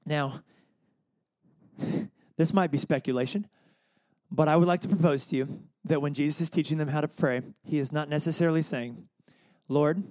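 A young man preaching a casual, animated sermon, telling stories with laughs and asking the crowd to respond. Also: on the high side, normal speed, no echo, clean studio sound.

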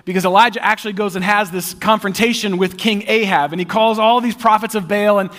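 High-voiced male preacher, conversational. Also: steady tone, a little fast. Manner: conversational and humorous, shifting to hushed intensity. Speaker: pastor. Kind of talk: sermon. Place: church.

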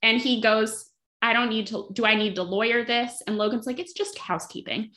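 A woman's voice: fairly high pitch, fairly even intonation, brisk, bright, forceful tone. A woman co-hosting a podcast, chatting casually as she retells a TV episode scene by scene, acting out the characters' lines. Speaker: podcast co-host. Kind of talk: casual chat recapping a TV episode.

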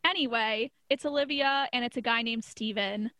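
A young woman co-hosting a podcast, chatting casually as she recaps a TV episode, full of "like" fillers and quick laughs. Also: fairly high pitch, bright, forceful tone, no room sound. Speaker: podcast co-host.

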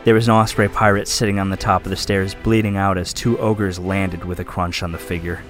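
A man's voice: low-pitched, little pitch movement, a little fast, soft background music. A man running a tabletop game as game master, narrating the scene in vivid detail. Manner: vivid descriptive storytelling.

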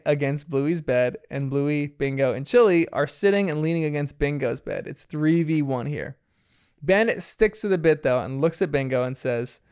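A man's voice: a little high, moderate pace, clean tone. A man casually recapping a cartoon episode in a chatty, rambling way, with lots of filler words. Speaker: show recapper.

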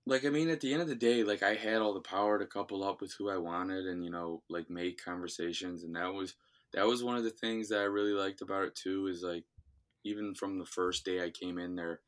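A man's voice: deep voice, a little fast. A young man from Ohio with a slight Midwestern accent, a guest casually rambling through a podcast interview with lots of fillers. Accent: Midwestern American. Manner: relaxed rambling with many fillers. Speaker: guest, former reality show contestant.

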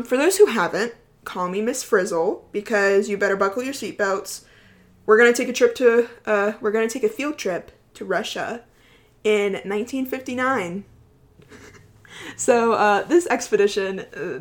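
Young woman around 20, podcast host, rambly and giggly, super casual chat. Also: medium pitch. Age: about 20.

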